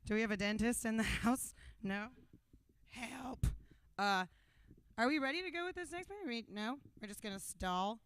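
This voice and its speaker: Young woman hosting a live show, high bright voice, rambly and joking at herself. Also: lively intonation, moderate pace, clean tone. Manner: bubbly, rambling, self-deprecating jokes. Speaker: emcee of a benefit show. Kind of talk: live stage emceeing. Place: small stage at a brewery event. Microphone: handheld microphone.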